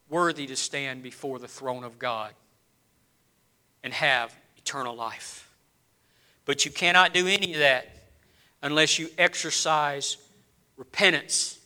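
A preacher with a high, bright, ringing voice delivers a sermon in church. He drops to low, hushed phrases, then climbs back to loud, urgent appeals. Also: steady tone, measured pace, long pauses, clean tone. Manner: preaching with rising and falling intensity, dropping low then building loud. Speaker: pastor.

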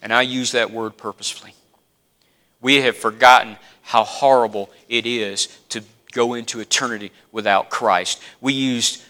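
A man preaching a sermon, dropping to a hush and then rising to loud, emphatic appeals. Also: medium pitch. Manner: preaching with wide swings from hushed to loud and emphatic.

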